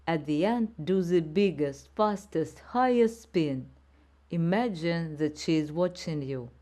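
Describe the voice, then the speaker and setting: A woman voicing a strict, demanding female ballet teacher in an audiobook, speaking in sharp commands. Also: lowish voice, animated, slow pace. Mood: encouraging.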